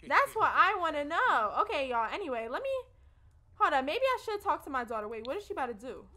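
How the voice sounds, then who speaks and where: A woman's voice: high voice, very animated, quick pace, pushed and bright. A young woman hosting a let's play, chatting casually and expressively to her viewers in slangy talk. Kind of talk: casual gameplay commentary.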